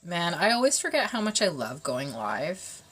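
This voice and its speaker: A woman's voice: fairly low pitch, sing-song, normal speed, a bit bright, husky. A woman hosting a casual livestream, bubbly and giggly, slipping between English and French as she answers chat. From Canada. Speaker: livestream host reading chat.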